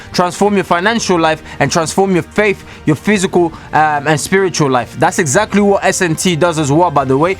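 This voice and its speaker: A man with a somewhat high voice delivers a preachy motivational talk alone in a small room. He speaks straight to his viewers, emphatic and repetitive. Faint music plays underneath.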